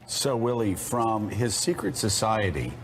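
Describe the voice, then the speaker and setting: A man hosting a morning news show, laying out an argument in a measured, pointed way. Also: fairly low pitch, expressive, over music. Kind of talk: television news commentary.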